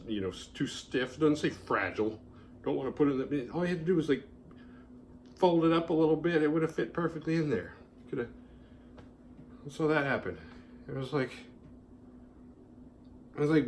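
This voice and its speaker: A man ranting casually about his day as the host of a horror movie review show, sarcastic and animated, swearing freely and mocking people in exaggerated voices. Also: fairly low pitch, a little fast, a little hiss or hum.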